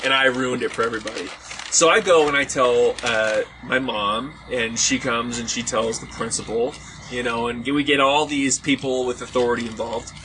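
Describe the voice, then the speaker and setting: A man's voice: medium pitch, normal speed. A man from Hawaii, a podcast host, telling a long story in casual chat among friends and acting out the voices of the people in it. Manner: animated, acts out quoted voices. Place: outdoors around a fire at a party. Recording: outdoor party gathering with background noise.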